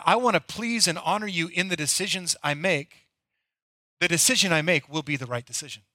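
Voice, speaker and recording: A middle-aged man preaching a sermon as a pastor, telling stories in an animated way. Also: high voice, no room sound. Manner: storytelling, animated.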